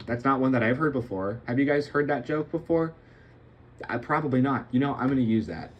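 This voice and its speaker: A man's voice: medium pitch, fairly quick. Young guy rambling over a puzzle game, jokey and self-deprecating, faint hum in the back. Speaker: gameplay streamer. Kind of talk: rambling late-night gameplay commentary.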